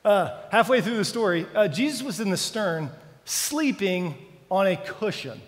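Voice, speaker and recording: A man's voice: sits high, expressive, measured pace. A man preaching a sermon as pastor, dramatic and full of questions to the congregation. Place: church sanctuary. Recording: church hall reverb.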